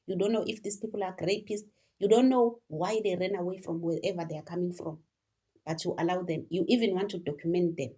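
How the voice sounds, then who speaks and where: A woman's voice: medium pitch, warm tone, breathy edge. A South African woman hosting a commentary video, indignant and firing off rhetorical questions. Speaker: commentary channel host. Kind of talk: opinionated commentary.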